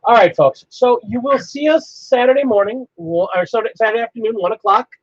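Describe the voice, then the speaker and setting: A man's voice: extremely high pitch, a little fast, slightly rough, no echo. A man co-hosting a casual fan chat, easygoing and blunt with his opinions. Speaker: podcast co-host. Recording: dry, slightly muffled lo-fi audio.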